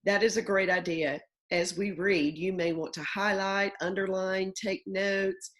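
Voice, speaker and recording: A woman teacher giving a phonics lesson to young children from home, slow and deliberate, stretching out sounds and words. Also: mid-range voice, fairly even intonation, fairly bright tone.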